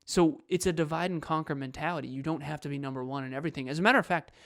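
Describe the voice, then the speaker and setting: A man's voice: a little high, very fast, fairly bright tone, dry recording, studio quality. Earnest man co-hosting a podcast. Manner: earnest, explains with examples. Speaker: podcast co-host. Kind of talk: casual podcast talk.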